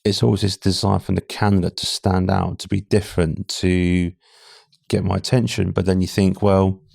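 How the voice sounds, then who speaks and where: Podcast guest: British man, low gravelly voice, dry close recording, frank and conversational. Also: little pitch movement, normal speed, darkish tone, no room sound. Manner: candid, conversational, frequent restarts. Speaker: podcast guest, talent acquisition head. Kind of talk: casual interview chat.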